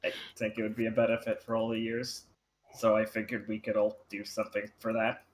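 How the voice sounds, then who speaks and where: A man's voice: lowish voice, completely flat delivery, fairly quick, roomy sound, slight background noise, poor audio. A man playing in a tabletop role-playing game, speaking politely and tentatively in character. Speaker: player.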